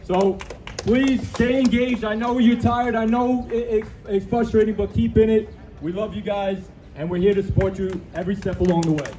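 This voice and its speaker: A man's voice: high-pitched, fairly even intonation, a little fast, dark tone, slight background noise. A man speaking to a crowd at an outdoor rally, emotional and earnest, restarting his sentences.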